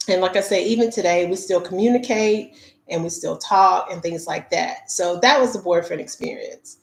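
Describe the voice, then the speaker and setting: A woman's voice: fairly low pitch, moderate pace, gravelly. Chatty woman vlogger in a roomy space. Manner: chatty, candid, many fillers. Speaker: travel vlogger. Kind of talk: casual storytelling to viewers. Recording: roomy echo.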